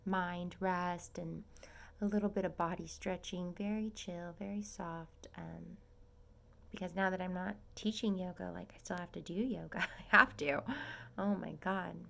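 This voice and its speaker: Young woman, nursing student vlogger, chatty and gushing, gravelly fry, slips into whispers. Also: lowish voice, fairly even intonation, measured pace, pushed and bright. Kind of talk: casual vlog update. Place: at home in a small apartment.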